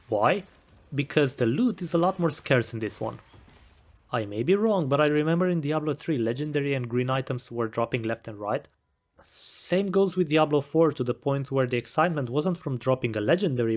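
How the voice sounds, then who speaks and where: A man giving a scripted game review voice-over with a wry, self-deprecating sense of humor. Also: mid-range voice. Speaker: gaming video creator.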